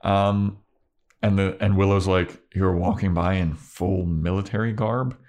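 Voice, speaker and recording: A man co-hosting a casual podcast, retelling an episode and slipping into quick character voices. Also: sits low, steady tone, darkish tone. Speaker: podcast co-host. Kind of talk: casual recap chat.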